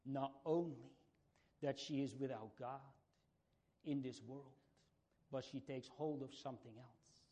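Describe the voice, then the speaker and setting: A man's voice: mid-range voice, unhurried, mellow. A man preaching a fervent sermon to a congregation, building to emphatic raised passages and repeating key phrases. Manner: fervent preaching with rising emphatic outbursts and repetitions.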